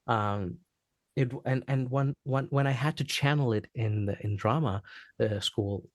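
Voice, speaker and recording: Man, podcast guest, casual storytelling, animated, acts out quotes, dry close sound. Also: mid-range voice, unhurried, no room sound. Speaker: podcast guest, actor and singer.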